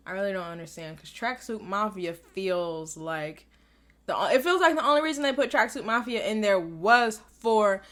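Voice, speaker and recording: A young woman giving a casual, excitable recap and reaction to a TV episode, acting out lines as she retells them. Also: mid-range voice. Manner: excitable, animated retelling with quoted voices. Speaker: recap reviewer.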